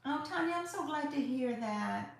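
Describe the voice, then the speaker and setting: A woman's voice: high voice, animated, moderate pace. A woman hosting a live crafting tutorial, chatty and effusive as she greets viewers by name. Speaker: craft livestream host. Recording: very echoey room.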